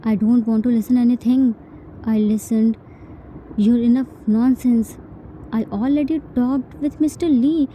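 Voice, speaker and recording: A stern middle-aged mafia father barking orders at his son, as a woman narrator puts him on. His voice is dark and mellow, slow and unbending. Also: a little high, fairly even intonation, a little hiss or hum, close to an everyday voice, rough recording. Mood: harsh. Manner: harsh, commanding.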